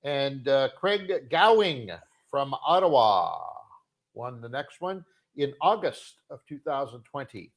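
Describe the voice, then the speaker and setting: A man from Canada co-hosting a fishing show livestream, joking and offhand in casual chat, often trailing off quietly. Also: medium pitch, lively intonation, slow. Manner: joking, offhand, drifts quieter at the end of phrases.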